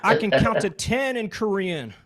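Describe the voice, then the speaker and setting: A man's voice: high-pitched, moderate pace. A man doing improvised stand-up, riffing absurdly and chatting with an online audience. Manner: goofy, deadpan absurd riffing, chats with audience. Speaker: stand-up comedian. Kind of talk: improvised stand-up with crowd work. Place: live-streamed comedy show, audience on video call. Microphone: video call mic.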